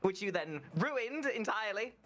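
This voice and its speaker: A woman's voice: medium pitch, expressive, moderate pace, fairly bright tone, faint music behind. A woman VTuber guest in a casual interview who jokes around in exaggerated British slang.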